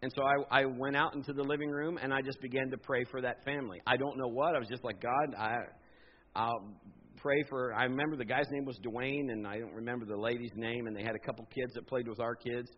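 A man in his fifties preaching a sermon, telling a personal story in an animated, jokey way and acting out the voices. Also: medium pitch, fairly quick. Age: 50s. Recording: dull lo-fi sound.

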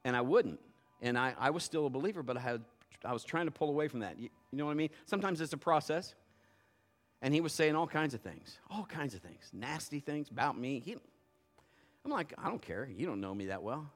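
A middle-aged man preaching a sermon, swinging between hushed tones and loud bursts as he acts out conversations. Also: mid-range voice, lively intonation, fairly quick.

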